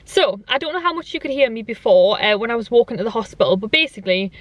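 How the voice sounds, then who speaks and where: A woman's voice: fairly high pitch, expressive, fast, no echo. A woman chatting casually to camera in a vlog, rambling about her day out in town. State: out of breath while walking. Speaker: vlogger. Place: out in town, walking and in a parked car.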